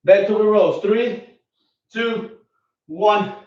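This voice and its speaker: Slow-talking fitness coach in an echoey room. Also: male voice, sits high. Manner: counts reps aloud while exercising, upbeat coaching. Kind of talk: home workout instruction. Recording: echoey distant lo-fi home video.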